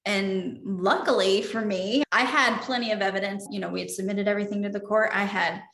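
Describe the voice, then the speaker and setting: A woman's voice: medium pitch, steady tone, fairly quick, a bit bright. A woman telling a personal story in an interview, earnest and openly emotional. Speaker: interview guest. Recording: roomy echo.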